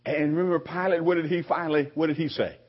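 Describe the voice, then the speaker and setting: A man preaching a sermon to his congregation, conversational, with frequent restarts and lively quoted voices. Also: fairly high pitch, fast, husky. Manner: conversational preaching with repeated restarts, animated quoting. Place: church sanctuary. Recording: dull lo-fi recording.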